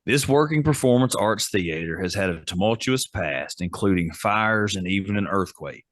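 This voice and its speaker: Low-voiced man co-hosting a podcast. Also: animated, moderate pace, no echo, clean studio sound. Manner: reads facts aloud, chatty and amused. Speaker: podcast co-host. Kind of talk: casual chat.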